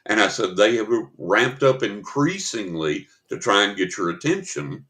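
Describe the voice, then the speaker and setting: A man with a lowish voice tells a story on a paranormal talk show. He talks in a casual, chatty way and slips into the voices of the people in his story. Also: normal speed. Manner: animated storyteller acting out voices in quotes.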